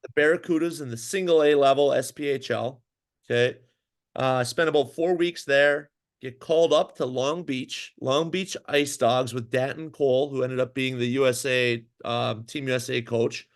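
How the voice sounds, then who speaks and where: A man's voice: medium pitch, normal speed. A man, a former pro hockey goalie, telling a long story in a casual interview, full of fillers and restarts. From Minnesota. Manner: animated, rambling storyteller with many fillers and restarts.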